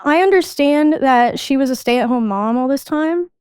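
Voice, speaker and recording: A young adult woman, a podcast guest, recounting her life in a halting way, often restarting sentences and reenacting old conversations. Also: high-pitched, darkish tone, no echo. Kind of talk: candid personal storytelling.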